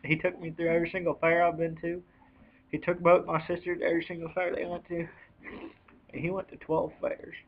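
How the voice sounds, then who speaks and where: A young man telling a personal story on a home video, choked up and near tears, talking in halting bursts with sighs and restarts. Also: on the high side, completely flat delivery. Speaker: vlogger. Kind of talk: emotional personal account. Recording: dull lo-fi home video audio.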